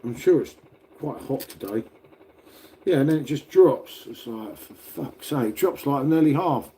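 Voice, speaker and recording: At a measured pace, a middle-aged British streamer chats loosely with viewers, reading their messages, laughing, swearing and wandering off topic. His voice is medium in pitch, expressive and dark-toned, recorded indoors at home next to a radiator.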